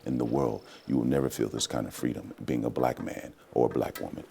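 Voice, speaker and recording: A man's voice: rumbling low, a little fast, creaky, mellow. A man who is an actor, guest in an interview, talking in a reflective, heartfelt way and often asking "you know?". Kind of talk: relaxed interview talk.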